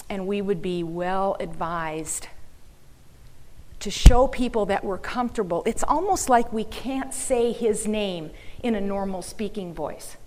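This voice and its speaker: A woman's voice: mid-range voice, a little mellow. A woman giving an earnest, emphatic talk to a church audience, sometimes dropping into a mocking whisper. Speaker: speaker. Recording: reverberant hall.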